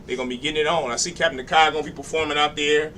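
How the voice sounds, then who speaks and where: A bit of hiss or hum underlies this recording of a man leading a religious class in a congregation hall. Rapid-fire and sharp, his fairly high voice holds a steady tone as he preaches, makes announcements, drops joking asides, and draws call-and-response.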